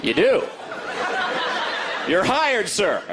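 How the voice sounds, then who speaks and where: A man performing a stand-up comedy set, animated and putting on voices for the people he quotes. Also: high voice, very slow. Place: comedy venue before a live audience. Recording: live show with crowd laughter and noise.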